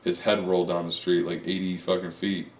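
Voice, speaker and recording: A man's voice: sits low, little pitch movement, fairly quick, slight background noise. A man streaming live, rambling on in a casual, profane monologue full of fillers. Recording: echoey room, far from the mic.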